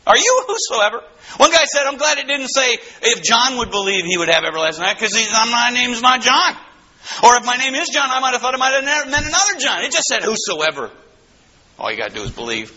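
A man preaching a sermon, swinging between soaring exclamations and hushed low asides. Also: slightly rough. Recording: slightly dull, faintly noisy recording.

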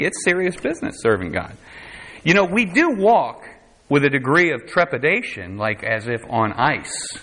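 A man's voice: medium pitch, fairly bright tone. A man preaching a conversational sermon, quoting scripture in a dramatic voice. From United States.

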